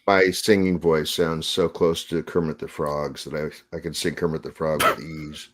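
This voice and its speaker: A man's voice: very deep voice, level tone, a bit bright. A man with a West Coast American accent, co-hosting a live coding Q&A in jokey, chatty casual talk. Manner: jokey, chatty, quick to laugh. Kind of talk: casual chat.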